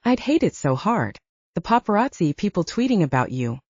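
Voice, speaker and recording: A woman's voice: fairly low pitch, sing-song, normal speed, a little mellow, dry recording, highs cut off. A woman narrator voicing a distraught young heroine, strained and self-deprecating, in an audiobook. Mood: wry. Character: distraught young woman, ashamed but wry.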